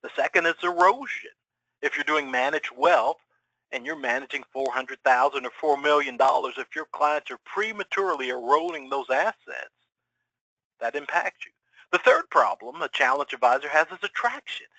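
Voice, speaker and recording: A middle-aged man giving a webinar presentation to financial advisors, energetic and full of rhetorical questions. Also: a little high, moderate pace, no room sound, poor audio. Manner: energetic, rhetorical questions, acts out quoted clients.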